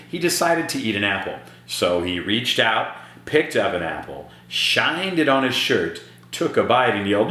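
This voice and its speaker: A teacher reading a picture book aloud to children, chatty and playful. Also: male voice, mid-range voice, sharp tone. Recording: echoey room.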